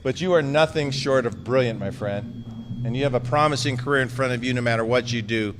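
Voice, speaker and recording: A man's voice: medium pitch, fairly quick, in a large hall, background noise. A man giving a concession speech as outgoing mayor. He jokes and thanks people by name with affection.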